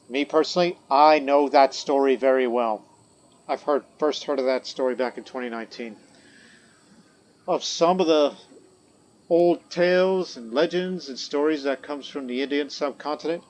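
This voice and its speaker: A man's voice: medium pitch, moderate pace, darkish tone, low-quality recording. A man giving casual gameplay commentary, thinking aloud, muttering to himself and reading game text aloud. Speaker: let's play commentator.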